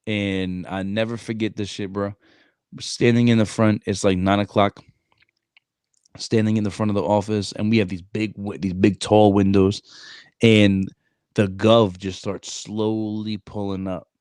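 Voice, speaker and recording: A man in his thirties co-hosting a podcast, telling a story in animated, slang-heavy casual chat. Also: on the low side, a little slow, smooth, dry recording, clean studio sound. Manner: animated, streetwise slang, frequent "bro". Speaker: podcast co-host.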